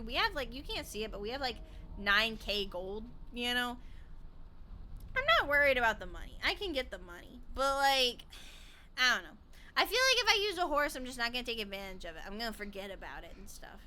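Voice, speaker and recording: Bright, lively, giggly woman streamer. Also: a little high. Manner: giggly and rambling, breaks into playful chants. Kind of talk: casual gameplay commentary.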